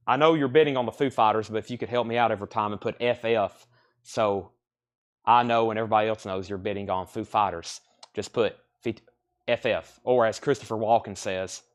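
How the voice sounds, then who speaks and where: A man hosting a live-streamed record sale, chatting casually while he reads out bids, names buyers and repeats each price. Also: mid-range voice. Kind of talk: live-stream sales patter.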